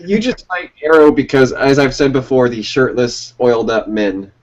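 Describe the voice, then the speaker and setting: A man co-hosting a casual video-call chat, calm and dryly teasing, getting over a cold. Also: mid-range voice, normal speed. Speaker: podcast co-host. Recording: dull lo-fi call audio.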